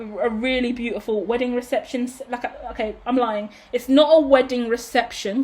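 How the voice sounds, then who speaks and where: Woman, tarot reader, chatty rambling monologue, cursing, slightly high voice. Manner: chatty, swears freely, rambling asides. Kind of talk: casual tarot reading monologue.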